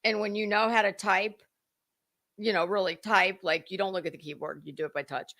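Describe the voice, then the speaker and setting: A woman's voice: mid-range voice, steady tone, fairly quick, fairly bright tone. A middle-aged woman, hosting a rambling livestream chat, greeting viewers by name and fighting a dry cough. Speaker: livestream host. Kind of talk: casual chat.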